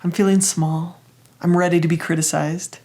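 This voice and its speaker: A woman's voice: lowish voice, little pitch movement, moderate pace. A woman doing a small ashamed perfectionist girl. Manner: soft, small, self-critical. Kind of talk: guided therapy example.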